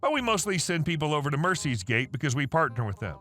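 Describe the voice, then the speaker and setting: A man's voice: a little high, sing-song, quick pace, sharp tone, faint music behind. A man reading online stories aloud in a wry, sarcastic storytelling manner. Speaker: story narrator.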